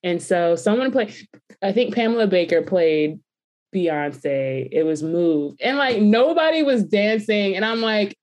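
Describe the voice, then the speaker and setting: A young woman co-hosting a casual chat, telling a story with animated quoted voices. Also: medium pitch, measured pace. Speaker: podcast co-host.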